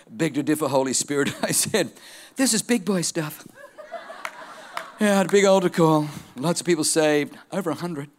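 A middle-aged male pastor preaching a sermon, telling stories with energy and building to shouted declarations. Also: fairly high pitch.

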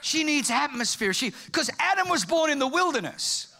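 A man preaching a humorous sermon, telling stories in an animated way and bursting into shouts. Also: very high-pitched, moderate pace, gravelly. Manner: animated storytelling, acts out quoted voices, bursts into shouts.

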